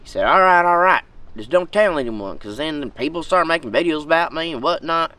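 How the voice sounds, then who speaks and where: A man's voice: fairly high pitch, animated, a little fast, pushed and bright, no room sound, far from the mic, low-quality recording. A man playing an aggrieved, rambling redneck in a comedic monologue, with a tobacco dip in his mouth. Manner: rambling, folksy, loses his thread.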